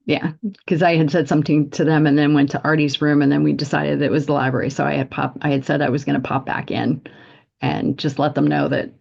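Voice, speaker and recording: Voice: mid-range voice, level tone, fast talker, vocal fry, darkish tone, highs cut off. A player in a tabletop role-playing game, explaining their character's plans in a hesitant way with many fillers.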